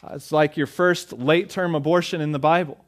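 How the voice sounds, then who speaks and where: Pastor, male, slightly high voice, casual sermon delivery, acts out the dialogue. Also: steady tone, fairly quick. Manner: conversational preaching, acts out dialogue.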